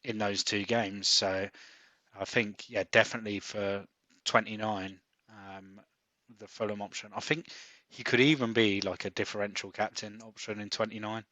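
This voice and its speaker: A man co-hosting a podcast in casual chat, pausing often with ums and restarts. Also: fairly low pitch, fairly even intonation, pushed and bright, no echo. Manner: hesitant, many ums and restarts. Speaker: podcast co-host. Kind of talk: casual chat about fantasy football.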